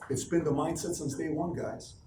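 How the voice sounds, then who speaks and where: A man's voice: on the high side, moderate pace. A man giving a live motivational talk to an office crowd, telling stories with emphasis and questioning the room. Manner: animated storyteller, emphatic, asks the room questions. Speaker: motivational speaker addressing a team. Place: office meeting space. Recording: echoey room, recorded from far off.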